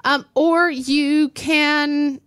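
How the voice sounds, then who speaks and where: A woman demonstrating a recipe in casual chat, emphatic with quick asides. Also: high-pitched, fairly even intonation, fairly bright tone, no room sound, studio quality. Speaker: cook, guest.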